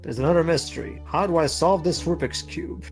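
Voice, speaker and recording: A man's voice: fairly high pitch, fairly quick, gravelly, faint music behind. A man chatting and joking while commenting on a video game with friends. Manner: joking, teasing. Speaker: let's play commentator. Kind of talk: casual gaming chat.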